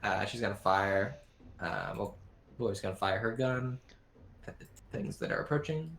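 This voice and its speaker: A man running a tabletop game as game master, talking haltingly with lots of fillers. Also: on the low side, animated, a bit bright. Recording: echoey room with faint background noise.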